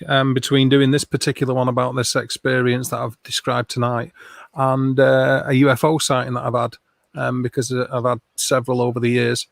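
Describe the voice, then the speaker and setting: A man's voice: mid-range voice, creaky, no echo. A man hosting a casual livestream chat and reading out viewer comments. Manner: relaxed, reads out viewer comments. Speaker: host.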